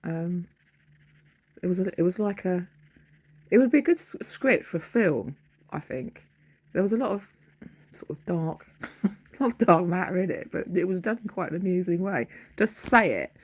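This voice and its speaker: A woman's voice: on the low side, lively intonation, normal speed, long pauses, breathy edge. A middle-aged woman, casually rambling through a dream she had, often losing her thread and searching for words.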